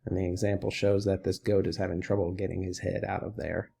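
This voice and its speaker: A man teaching a recorded lesson for children, who talks patiently and encouragingly and repeats each word slowly. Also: low voice, little pitch movement, vocal fry, dark tone, slightly rough.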